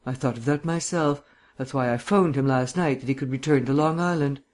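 A man voicing a suave, bantering gentleman sleuth with bland, mannered phrasing in an audiobook reading. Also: medium pitch, brisk, close to an everyday voice.

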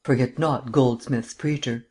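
A man reading a languid, lecturing gentleman sleuth. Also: mid-range voice, normal speed, natural voice. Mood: drawling. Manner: drawling, mannered and lecturing. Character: languid erudite male amateur detective. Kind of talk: audiobook character reading.

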